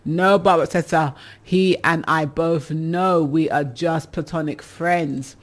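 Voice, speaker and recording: A woman's voice: low-pitched, fairly even intonation, slow. Lady on an advice show, chatty and laughing, teasing her listeners. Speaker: radio advice show host. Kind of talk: casual advice chat reading listener messages.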